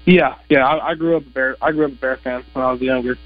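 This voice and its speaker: A young man playing football, called in as a guest, talking in a plain, halting way. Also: mid-range voice, steady tone, no room sound. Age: young adult. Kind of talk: phone interview. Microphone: phone. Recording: tinny phone line.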